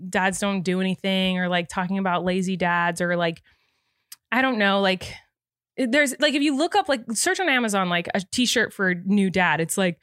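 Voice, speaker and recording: A woman's voice: mid-range voice, expressive, normal speed, a bit bright, no room sound, studio quality. A woman in her thirties hosting a podcast, teary and rambling earnestly in casual chat. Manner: rambling, earnest, with frequent restarts. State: teary, emotional. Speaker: podcast host. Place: indoor podcast studio.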